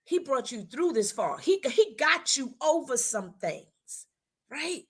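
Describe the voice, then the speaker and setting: A woman's voice: sits high, very animated, slow. A woman co-hosting a women's talk show, giving a preacherly motivational talk with speech, repeating her lines and acting out how people talk.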